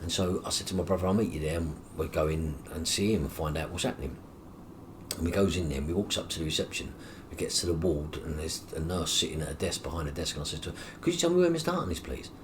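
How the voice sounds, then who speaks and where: Deep-voiced man telling his story. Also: fast, background noise. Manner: animated, acts out quoted dialogue with coarse swearing. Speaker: guest. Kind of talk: personal storytelling in an interview.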